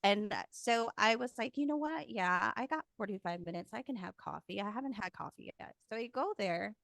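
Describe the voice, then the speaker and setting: A woman's voice: medium pitch, brisk, vocal fry, a bit bright, no echo, studio quality. A woman guest telling her personal story frankly and emotionally, swearing casually. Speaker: podcast guest.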